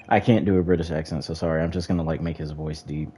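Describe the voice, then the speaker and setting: A man's voice: extremely low pitch, steady tone, fast talker, few pauses, background noise. A man giving casual, crude commentary while playing a game. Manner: crude, swearing. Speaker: gamer. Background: game music.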